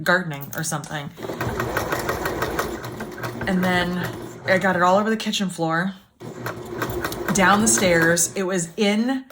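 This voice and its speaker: A woman hosting a casual sew-along, chatty and self-deprecating, grumbling as things go wrong. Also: lowish voice. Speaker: sewing channel host. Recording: clear background machine noise. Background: sewing machine running.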